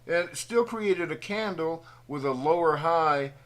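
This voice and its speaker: A man's voice: on the high side, unhurried, fairly bright tone. A man giving a folksy, patient trading tutorial over a screen recording, thinking aloud as he draws on charts. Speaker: trading educator.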